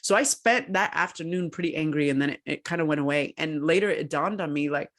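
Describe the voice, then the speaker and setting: A woman co-hosting a podcast who tells her story in a casual way, animated and laughing often. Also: deep voice, quick pace, few pauses. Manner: animated, laughs often, acts out quoted voices. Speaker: podcast co-host and researcher.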